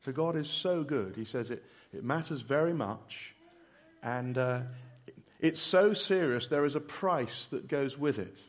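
A man preaching earnestly, pleading with listeners, then leading a slow prayer and answering a question. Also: mid-range voice, expressive. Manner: earnest, pleading, with soft drops and emphatic rises. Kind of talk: sermon with prayer and Q&A.

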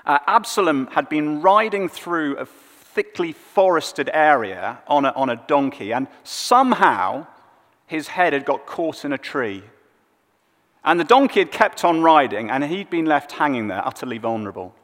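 Male preacher, storytelling sermon, lively pitch, big echoey church hall. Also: normal speed. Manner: expressive storytelling, dropping soft on sad moments. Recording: long hall reverb.

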